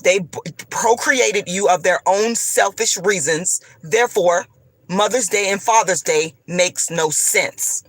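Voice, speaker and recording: A woman's voice: medium pitch, slow, dry recording. A woman vlogger delivering a profane, combative, preachy rant straight to her viewers. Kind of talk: ranting monologue to camera.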